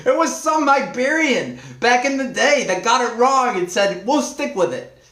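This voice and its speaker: Animated male Spanish teacher, echoey room. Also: extremely high pitch, unhurried. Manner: animated, playful, reads and answers viewers' comments. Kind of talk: live online language class.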